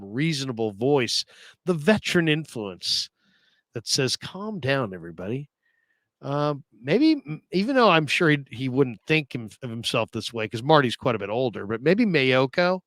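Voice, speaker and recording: A man's voice: mid-range voice, sing-song, normal speed, fairly bright tone, dry recording. A man hosting a casual sports talk show, reading viewer comments aloud and laughing often.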